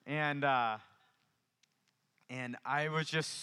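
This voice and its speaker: A young man from Louisiana giving an impassioned testimony sermon, rising to loud outbursts and dropping to whispered prayers. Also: medium pitch, takes it slowly, long pauses, clear, resonant tone. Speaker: preacher.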